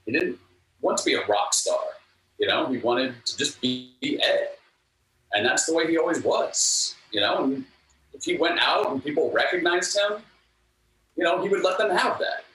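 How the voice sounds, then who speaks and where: A man guest telling anecdotes in an interview with an earnest, animated manner, acting out what others said. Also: on the high side, moderate pace. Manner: animated, earnest, acts out quotes. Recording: echoey room, distant mic, faint ambience.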